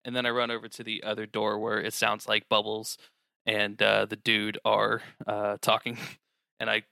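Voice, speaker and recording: Gravelly, bright-voiced male player. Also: on the low side, completely flat delivery, moderate pace, no room sound, clean studio sound. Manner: laughing, sweary play description.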